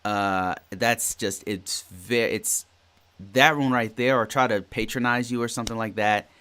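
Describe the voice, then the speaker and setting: A man in his forties hosts a solo podcast, speaking at a measured pace in a fairly low, steady voice that sounds pushed and bright yet clear and resonant. His work story rambles, with phrases often repeated and restarted.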